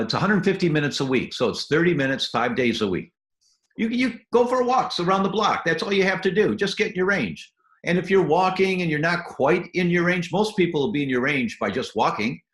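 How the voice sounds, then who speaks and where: A man with a fairly high, slightly bright voice, recorded in an echoey room, is interviewed as a guest doctor. He explains health habits step by step with real enthusiasm, every so often acting out small scenes in different voices.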